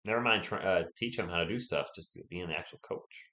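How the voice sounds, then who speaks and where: Hoarse young man calling a game live. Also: low voice, fast talker, reverberant. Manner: chatty, answers viewers, holds back from yelling. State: sore throat, sounds sick. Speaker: live stream play-by-play host. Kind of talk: casual live commentary and chat reading.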